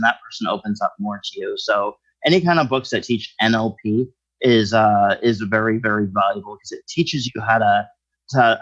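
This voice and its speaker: A man's voice: fairly low pitch, fairly bright tone, lo-fi sound. A man talking as a guest in a casual interview, explaining his work in a thinking-aloud way. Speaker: skip tracer guest.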